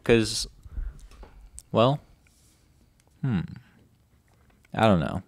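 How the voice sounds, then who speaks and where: A man's voice: lowish voice, expressive, drawn-out words, dry recording. A man, co-host of a reaction show, chatting casually, joking and backing up the host with short agreements.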